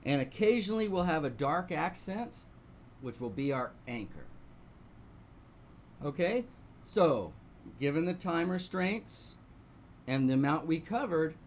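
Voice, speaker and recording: Male painting instructor, slightly high voice, live class with faint room noise. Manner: talks through steps, asks rhetorical questions. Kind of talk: live online painting lesson.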